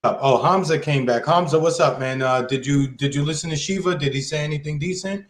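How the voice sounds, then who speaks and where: A man's voice: fairly high pitch, brisk. A man co-hosting a podcast in slangy, playful casual chat. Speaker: podcast co-host. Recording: echoey room.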